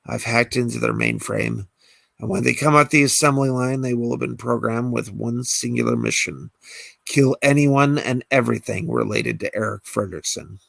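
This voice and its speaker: A man's voice: medium pitch, steady tone, moderate pace, creaky, a bit bright, no room sound. A man reads a script aloud and voices an armed woman villain who hallucinates, mocking one moment and frantic the next. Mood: scheming.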